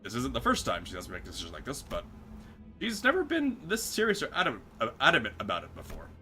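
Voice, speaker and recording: Animated man reading a game aloud. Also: mid-range voice, fast talker, soft background music. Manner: animated, joking, swears. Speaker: game streamer.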